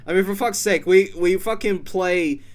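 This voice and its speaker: A man co-hosting a casual podcast, swearing freely and laughing through his own ideas. His voice sits a little high for a man, and he swings into loud, excited outbursts. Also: moderate pace. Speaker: podcast co-host. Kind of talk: casual chat.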